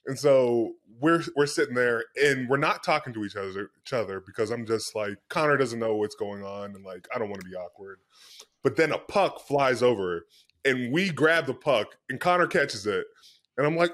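A man hosting a podcast, telling a story in a casual, animated way and laughing as he talks. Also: medium pitch, normal speed. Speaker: host.

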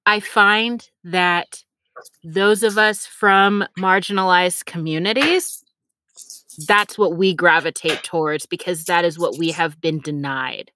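A woman's voice: lowish voice, takes it slowly, bright, forceful tone, no echo. A woman guest who heads a children's theater, speaking earnestly and building points in lists. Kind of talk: casual conversation.

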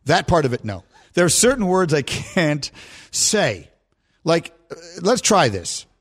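A man with a voice on the high side hosts a sports radio show at a measured pace, speaking into a studio mic. His casual banter is full of animated stories, and he frequently cracks himself up.

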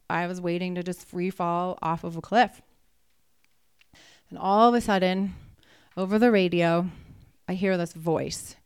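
A woman and mountain guide telling a personal story, animated and vivid, acting out her own thoughts. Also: medium pitch, clear, resonant tone, no room sound, studio quality.

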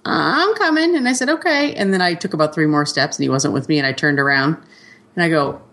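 Lively woman telling a funny parenting story. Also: sits low, fast talker. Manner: animated storyteller, acts out quotes. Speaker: podcast co-host. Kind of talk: casual chat.

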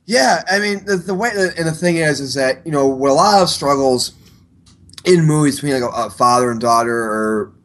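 A man's voice: a little high, moderate pace, a bit bright. A man co-hosting a podcast, casually retelling movie scenes in a rambling way. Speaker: podcast co-host. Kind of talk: casual movie review chat.

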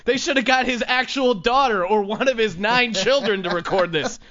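A man's voice: very high voice, normal speed, sharp tone, dull audio. A man hosting a podcast, riffing in a mocking, joking way and laughing often. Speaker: podcast host. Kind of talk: casual comedic commentary.

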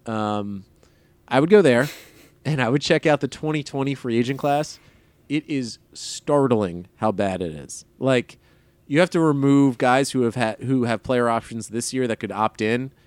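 Male podcast co-host, casual and rambling, middle pitch, dry close sound. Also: lively intonation, measured pace, no echo. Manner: rambling, filler-heavy, wry. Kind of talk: casual sports chat.

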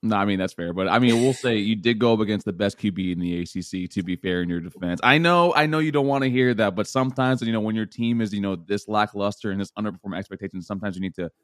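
A low-voiced man talks fast and easily on a sports show, laughing along with his co-host. The sound is dry and close. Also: no echo. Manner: easygoing, laughing, quick talker. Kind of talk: casual sports talk.

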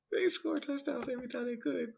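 A man co-hosting a podcast who reacts excitably to football scores and laughs a lot. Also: very high-pitched, moderate pace, creaky, breathy edge. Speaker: podcast co-host. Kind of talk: casual sports chat.

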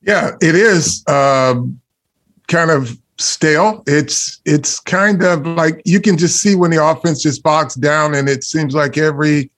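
A man's voice: a little high, slow pace, a bit bright. A man co-hosting a sports podcast, talking casually with some hesitation. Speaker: podcast co-host.

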